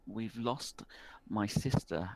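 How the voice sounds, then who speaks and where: A man's voice: lowish voice, slow, gravelly, mellow, no echo, pitched above the performer's own voice, exaggerated voice. A man voicing a timid, polite young boy with a slightly rural accent, who stammers and forgets things, in a tabletop game. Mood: anxious.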